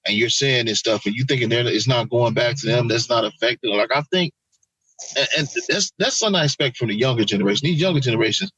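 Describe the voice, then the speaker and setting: Guy cohosting a podcast, cussing a lot, animated, husky voice, kinda muffled dry mic. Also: mid-range voice, fast talker, no room sound. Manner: animated, profane, acts out quotes. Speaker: podcast co-host. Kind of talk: casual chat.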